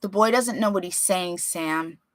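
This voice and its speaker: Icy calm mother, read by a woman, measured and quiet. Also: no echo, lightly acted. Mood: coolly calm. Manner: low, even, measured.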